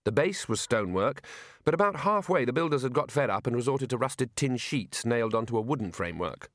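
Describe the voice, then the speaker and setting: A man narrating an audiobook in a wry, expressive storytelling manner. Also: medium pitch, brisk, no room sound, studio quality. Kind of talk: scripted narration.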